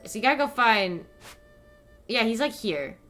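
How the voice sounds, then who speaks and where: A young woman streamer ranting in casual commentary, animated and profane, with lots of fillers. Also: on the high side, moderate pace, soft background music.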